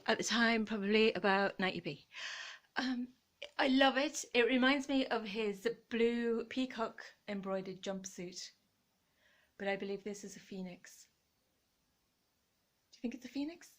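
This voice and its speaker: A woman's voice: on the high side, a little slow. Theatrical woman chatting playfully. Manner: theatrical and self-mocking, often drops to a hush. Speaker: vlogger. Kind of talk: light-hearted chat, playful showing of clothes.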